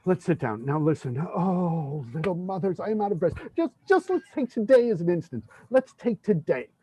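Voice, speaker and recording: A man's voice: high voice, big pitch swings, normal speed, warm tone, husky, no room sound, full character voice, low-quality recording. A man playing a frantic, worn-out family clerk. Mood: complaining. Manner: exasperated ranting, breathless complaints. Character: frazzled overworked male clerk, family man, desperate. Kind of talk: play reading.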